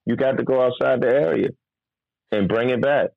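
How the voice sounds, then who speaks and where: A singer from Virginia telling stories on a podcast. He does the voices of the people in them and keeps breaking into high, disbelieving outbursts. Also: normal speed, creaky, dry recording, phone-quality sound. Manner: animated, mimics people, jumps into incredulous high-pitched outbursts. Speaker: singer and recording artist. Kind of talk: casual podcast storytelling.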